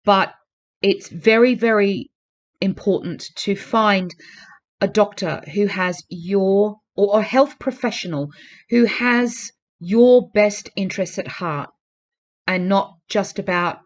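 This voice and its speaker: A woman talking straight to her viewers in a casual vlog. Her voice sits at an ordinary middle pitch. She sounds earnest and urging, and she keeps repeating her pleas to drive the point home. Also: slow pace, muffled recording. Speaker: vlogger. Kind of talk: casual talk to camera.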